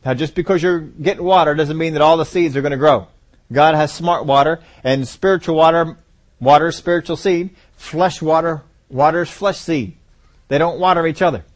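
A man preaching a sermon, asking the congregation rhetorical questions and repeating phrases for emphasis. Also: fairly high pitch.

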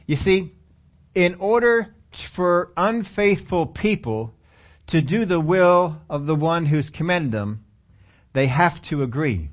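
A man's voice: fairly high pitch, animated, takes it slowly. A man preaching a sermon, reading scripture aloud and then commenting on it.

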